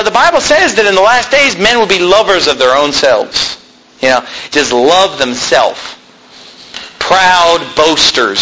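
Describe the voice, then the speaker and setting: Brief: male preacher, animated and jokey, bright tone, faint background noise. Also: rough recording. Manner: animated, jokey, acts out quoted people in a high voice. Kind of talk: sermon.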